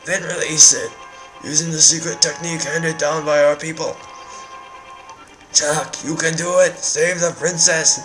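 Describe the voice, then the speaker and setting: A man voicing a wounded older uncle who gives his last orders in a slow, solemn way. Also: on the high side, level tone, music in the background, natural voice, rough recording.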